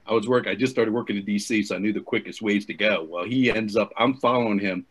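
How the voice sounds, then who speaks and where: A man and former wrestling coach telling a profane, animated story in casual chat. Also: on the low side, quick pace, slightly rough.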